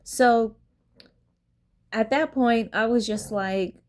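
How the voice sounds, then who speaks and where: A young woman telling a story in a casual vlog, animated and swearing freely, with lots of fillers, acting out the people she quotes. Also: fairly high pitch, slow pace. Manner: many fillers like "like". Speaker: vlogger.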